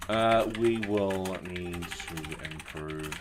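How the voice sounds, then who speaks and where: A man live-streaming his coding work, thinking aloud and narrating each step as he tests his software in a relaxed, offhand way. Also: low voice, slow pace, a little hiss or hum. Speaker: software developer streaming his open source project.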